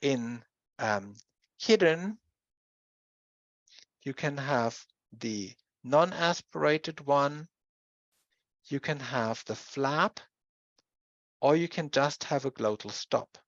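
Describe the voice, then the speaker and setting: A lecturer giving a university lecture, explaining slowly with pauses and restarts. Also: mid-range voice, animated, no room sound, muffled recording. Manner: explanatory, with pauses and self-corrections.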